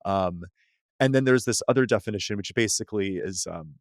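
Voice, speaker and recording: Chatty low-voiced man, dry sound. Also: brisk, dry recording. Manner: loose and rambling, heavy use of "like" and restarts, laughs easily. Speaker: psychotherapist guest. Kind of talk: podcast conversation.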